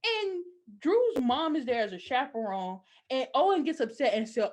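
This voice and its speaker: Animated young woman, slightly high voice. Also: normal speed, few pauses. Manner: animated, opinionated storytelling with frequent "like". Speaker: podcast co-host. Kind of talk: casual chat recapping a TV episode.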